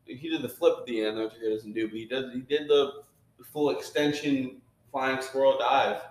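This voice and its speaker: A man's voice: mid-range voice, fairly even intonation. A man co-hosting a podcast, recapping wrestling matches step by step and often stopping to restart a sentence. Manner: halting, restarts while describing moves. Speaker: podcast co-host. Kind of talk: casual play-by-play recap. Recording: echoey room.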